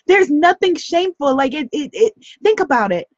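A woman hosting a motivational live stream, speaking in an animated, emphatic way and repeating phrases for stress. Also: high-pitched, moderate pace, no echo. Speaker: host of a live broadcast. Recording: dull lo-fi dry stream audio.

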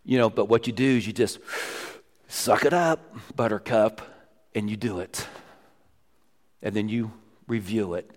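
A man preaching a sermon as pastor, emphatic, often dropping to low, quiet lines for stress. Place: church sanctuary. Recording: long church reverb.

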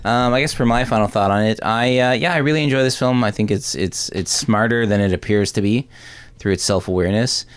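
A man hosting a casual movie review podcast, retelling scenes in an animated way and laughing easily. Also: lowish voice, fairly quick, clean tone, no room sound. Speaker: podcast host.

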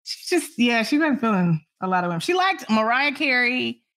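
A woman journalist in an interview, telling animated stories of meeting famous people, laughing and acting out what was said. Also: a little high, normal speed. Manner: animated, laughing, acts out quotes. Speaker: entertainment journalist. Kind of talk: casual interview storytelling.

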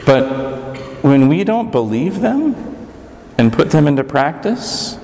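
A man preaching a sermon, swinging between high urgent passages and low intimate ones. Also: big pitch swings, slow, gravelly, darkish tone. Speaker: pastor. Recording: echoey hall reverb.

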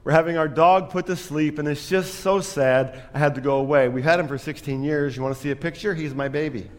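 A man voicing a chatty middle-aged woman seatmate on a plane who rambles on without pausing for breath. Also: on the high side, fairly even intonation, long reverb tail, lightly acted. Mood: sad. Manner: rambling, talks without pause.

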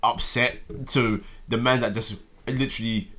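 A man chatting casually about football as a co-host, emphatic and animated, often repeating his words. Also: mid-range voice, normal speed.

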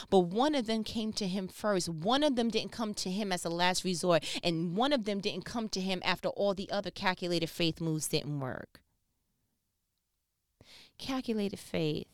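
A woman giving a casual devotional talk on faith, slangy and animated, acting out the voices she quotes. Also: mid-range voice, normal speed, no echo, studio quality. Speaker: faith speaker.

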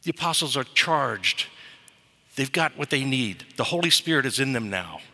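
Guy preaching a sermon, super bright voice, lively, lots of reverb from the church. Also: mid-range voice, normal speed. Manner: storytelling, lively delivery. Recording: reverberant hall.

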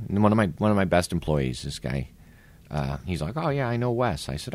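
A man's voice: deep voice, fairly quick. A man in his forties telling a workplace story in casual podcast chat, swearing and acting out what people said. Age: 40s. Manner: animated, swearing, acts out quotes. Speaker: podcast co-host.

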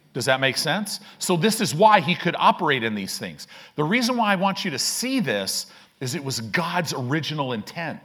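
A man's voice: medium pitch, bright, forceful tone, slightly rough. A male pastor preaching a sermon, emphatic, often checking in with the congregation for agreement.

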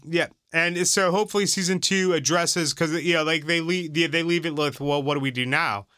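Bright-voiced guy rambling on a podcast, lots of likes and you knows, dry close sound. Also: fairly high pitch, fairly even intonation, brisk, dry recording. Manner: rambling, many fillers and restarts. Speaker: podcast co-host. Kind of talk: casual chat.

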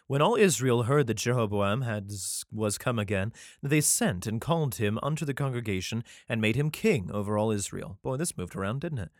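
A man's voice: medium pitch, no echo, studio quality. A man reading archaic scripture aloud, breaking off into irreverent, profane comic asides, sometimes stumbling over the words. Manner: irreverent, profane interjections between archaic verses; stumbles and restarts while reading. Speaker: reader and commentator.

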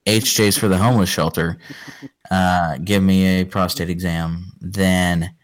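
A man with a very low voice chats casually. He rambles, restarts often and jokes at his own expense. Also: fairly even intonation, a little slow. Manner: rambling, self-deprecating, trails off. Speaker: podcast co-host, father. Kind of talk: casual chat.

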